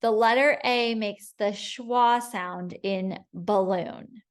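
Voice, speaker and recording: A woman teacher leading a phonics spelling lesson, sounding out each word slowly and clearly for young learners. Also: medium pitch. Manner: slow, clear, patient sounding-out of words.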